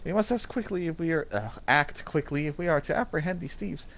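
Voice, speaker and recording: A man doing a high-voiced earnest young guard. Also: a little fast, a bit bright, slight background noise. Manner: high, eager, formal speech.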